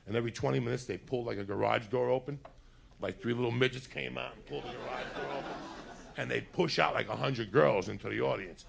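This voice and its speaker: A male stand-up comic with a deeply gravelly voice, rambling through a crude story in loose, conversational talk. He slips into put-on voices to act out what other people said, sounding a little high. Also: fairly even intonation, quick pace, background noise. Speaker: stand-up comedian.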